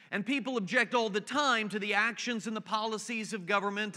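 A man's voice: high-pitched, fairly quick, few pauses, sharp tone. A man preaching a sermon as pastor, conversational and storytelling, with asides to the congregation. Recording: hall reverb.

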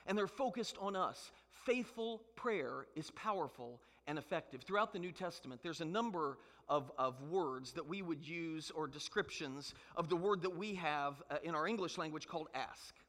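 A man's voice: on the high side, animated, moderate pace, hardly any pauses, a bit bright, in a large hall. A man preaching a sermon as pastor, emphatic and full of rhetorical questions.

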